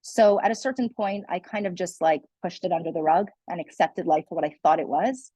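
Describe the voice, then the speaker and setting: A young adult woman, appearing as a guest speaker, shares her personal story in conversation, candid and earnest and full of "like" and "you know." Her voice is lowish, mellow and brisk with a breathy edge. The recording is low quality but has no echo.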